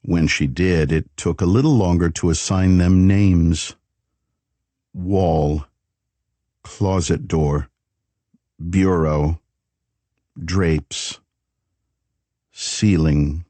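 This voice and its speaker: Deep, slow male audiobook narrator. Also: no room sound. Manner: measured, calm storytelling. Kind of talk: scripted narration.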